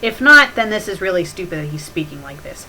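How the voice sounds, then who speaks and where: A woman's voice: fairly low pitch, sing-song, brisk, sharp tone, slight background noise, low-quality recording. A woman hosting a comedic review, reading bad fan fiction aloud and mocking it with sarcastic asides.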